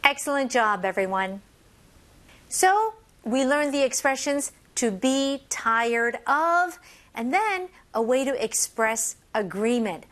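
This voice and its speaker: Animated woman teaching English phrases. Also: sits high, slight background noise. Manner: animated, drills phrases slowly, laughs between points. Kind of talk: bilingual language lesson.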